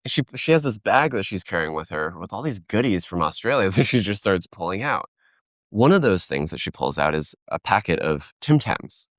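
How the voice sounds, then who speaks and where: A man's voice: low voice, very animated, moderate pace, a bit bright, no room sound, studio quality. A man speaking as a keynote speaker in a conversational podcast interview, telling stories animatedly and acting out quoted voices.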